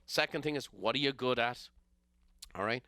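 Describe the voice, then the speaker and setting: A middle-aged Irish man from Ireland, a business coach who hosts a podcast, tells an animated motivational story and acts out the characters in it. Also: mid-range voice, moderate pace, no room sound, clean studio sound.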